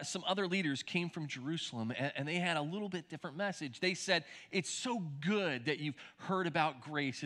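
A man's voice: a little high, sharp tone. A middle-aged male pastor preaching a sermon in a conversational style, with restarts and asides to the congregation.

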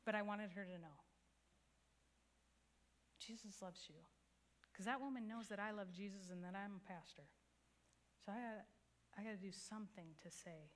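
A woman's voice: mid-range voice, normal speed, long pauses. A woman pastor preaching a sermon, telling a story in an earnest, conversational way. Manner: earnest storytelling with a few soft laughs.

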